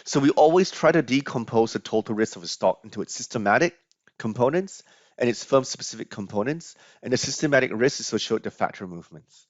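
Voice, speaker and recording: A man's voice: medium pitch, animated, fast talker, dry recording. A man lecturing on finance over slides, explaining step by step with frequent fillers and restarts. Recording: dry, slightly dull lo-fi audio.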